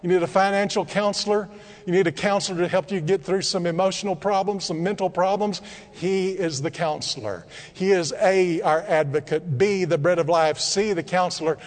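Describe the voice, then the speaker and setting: A man preaching a sermon, swinging from low, quiet reflection to loud, impassioned cries. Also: moderate pace, in a large hall.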